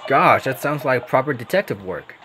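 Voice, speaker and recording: A man's voice: mid-range voice, lively intonation, normal speed, over music, close to an everyday voice. A man voicing an eager, gushing young male assistant.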